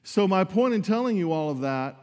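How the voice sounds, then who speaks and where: A man's voice: sits high, lively intonation, brisk, darkish tone. Earnest man preaching in a hall. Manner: earnest, conversational preaching with asides to the congregation. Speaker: pastor. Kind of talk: sermon.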